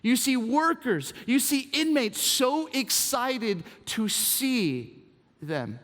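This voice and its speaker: A man preaching a sermon as pastor, telling stories in an animated way, swinging from hushed to exclaiming. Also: very high voice, slow. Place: church auditorium. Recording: reverb from a large hall.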